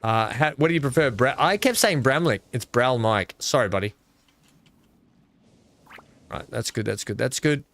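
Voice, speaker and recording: A man's voice: medium pitch, animated, normal speed, long pauses, a bit bright. A man streaming a park-building game, chatting casually with viewers, thinking aloud with lots of fillers and poking fun at himself. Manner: rambling, self-mocking, thinks aloud with many fillers.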